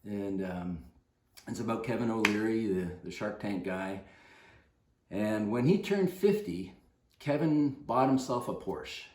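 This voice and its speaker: A man's voice: lowish voice, lively intonation, measured pace, a little mellow, reverberant, slight background noise. An older man, a fitness coach, telling a rambling anecdote to the camera in a casual way, with many fillers and restarts.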